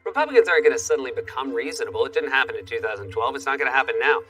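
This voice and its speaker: Late-night comic host, quick and bright, sarcastic monologue, faint music under. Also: male voice, medium pitch, lively intonation, breathy edge, recorded from a distance, poor audio. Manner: sarcastic, punchy delivery. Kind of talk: comedy monologue.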